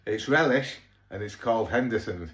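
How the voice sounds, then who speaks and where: A man's voice: on the low side, expressive, normal speed, fairly bright tone. A man with a Yorkshire accent chatting casually as he cooks at home, rambling off into jokey asides. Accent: Yorkshire English. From Yorkshire, England. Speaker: home cook vlogger. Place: home kitchen. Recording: echoey kitchen, mic far off, noisy.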